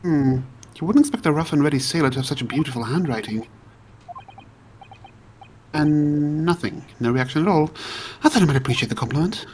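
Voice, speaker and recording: An earnest young lawyer from a game, eager and a little flustered, voiced by a man. His voice sits slightly high and reads with lively expression. A faint hiss runs underneath. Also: fairly quick, natural voice.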